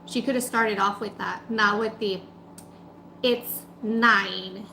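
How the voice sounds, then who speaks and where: A woman's voice: medium pitch, moderate pace, vocal fry, reverberant, a little hiss or hum, rough recording. A woman food vlogger chatting casually and telling a story while she eats. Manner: chatty, animated retelling with quoted voices.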